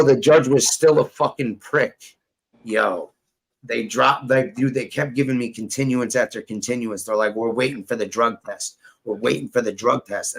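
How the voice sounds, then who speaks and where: A man with a gravelly, creaky voice tells a rambling, profane tale in casual chat. He acts out each quoted line himself. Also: mid-range voice, a bit bright, poor audio. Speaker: storyteller guest.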